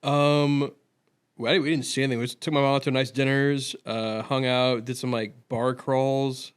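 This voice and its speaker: A man's voice: medium pitch, little pitch movement, normal speed, clean tone. A young man guesting on a livestream, chatting in a laid-back, slangy way, often saying dude and bro. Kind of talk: casual chat.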